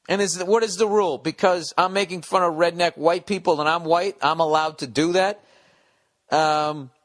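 A man's voice: on the high side, fairly bright tone. A man hosting a comedy podcast, rambling through a listener email with profane, sardonic asides. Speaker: podcast host. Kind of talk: comedic solo podcast rant.

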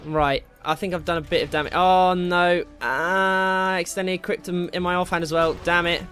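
A man giving casual, excitable commentary while playing a game, swearing and taunting enemies. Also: sits high, moderate pace, faint music behind. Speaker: gameplay commentator.

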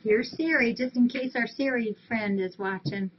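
A woman's fairly high voice, moving at a moderate pace, coos fondly at cats during a relaxed live stream from a rescue. Her sound comes through muffled, lo-fi stream audio with a faint hiss underneath.

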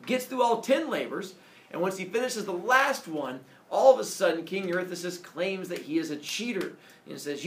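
A male teacher telling a myth to his class in a playful, animated way, asking the students questions. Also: high voice, normal speed. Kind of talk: storytelling to a class. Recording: echoey classroom from far off.

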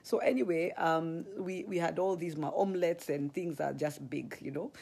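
A woman with a Kenyan accent, chatting on a live stream, very expressive and gasping as she tells stories. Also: low-pitched, moderate pace, gravelly, husky. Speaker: ministry leader. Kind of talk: casual live-stream chat.

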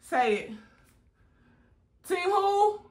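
A woman's voice: very high voice, very animated, very slow, darkish tone, roomy sound, distant mic. A woman filming a playful prank vlog on a handheld phone. She teases and laughs a lot, and her speech has features. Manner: playful, teasing, laughing often. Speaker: vlogger. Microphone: phone held in hand.

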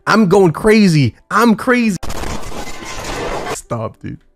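A woman streaming a game live, animated and loud, laughing, shrieking and swearing into a studio mic. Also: mid-range voice, slow pace, faint music behind. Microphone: studio dynamic mic.

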